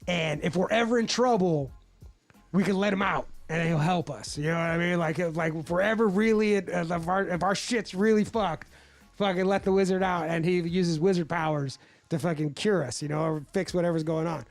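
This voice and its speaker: A man's voice: high voice, brisk, gravelly, faint music behind. A man hosting a casual podcast, telling a wild story with lots of laughter and swearing. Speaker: podcast host.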